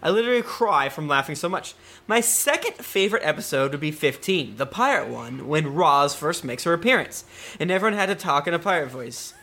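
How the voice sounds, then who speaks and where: Guy cohosting a podcast, bright tone, goofy and jokey reading out listener notes. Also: on the high side, animated, fairly quick, vocal fry. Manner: jokey, laughs while reading. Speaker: podcast co-host. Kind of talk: casual chat, reading listener messages aloud.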